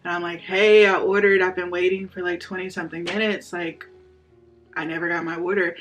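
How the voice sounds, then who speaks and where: A woman's voice: on the low side, steady tone, a little fast, faint music behind. Chatty young woman telling a story. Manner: chatty, addresses viewers directly, acts out quotes. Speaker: vlogger sharing a testimony. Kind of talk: casual storytelling.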